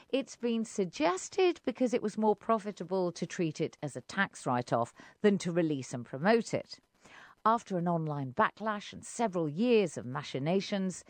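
A woman with an English accent presenting a radio arts show in a studio, with lively, expressive intonation. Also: fairly low pitch, no echo.

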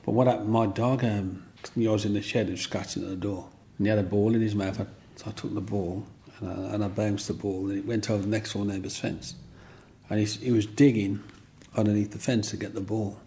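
A man's voice: on the low side, steady tone, a little fast, warm tone. A man, telling long rambling stories about his childhood and often asking "you know what I mean". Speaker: interviewee. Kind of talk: reminiscing storytelling.

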